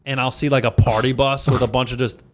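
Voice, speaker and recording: A young man from Louisiana tells a story in loose, rambling podcast chat, swearing freely and leaning on fillers. His voice sits at an ordinary middle pitch. The talk stays casual and unpolished throughout. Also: little pitch movement, fast. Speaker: podcast guest comedian.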